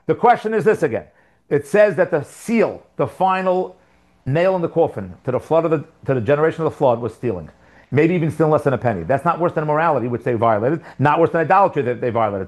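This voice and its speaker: A man teaching a religious text class, reading passages and thinking aloud with lots of rhetorical questions. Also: mid-range voice. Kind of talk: lesson with text study. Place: living outside America.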